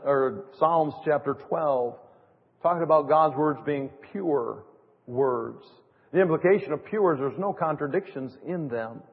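A man preaching a sermon in an emphatic way, with sarcastic mock quotes. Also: on the high side. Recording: tinny phone-like audio in a reverberant hall.

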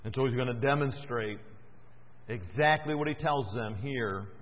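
A man preaching a sermon in a church, moving between loud, fervent emphasis and quiet, hushed stretches. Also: medium pitch, normal speed. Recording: tinny echoey church recording.

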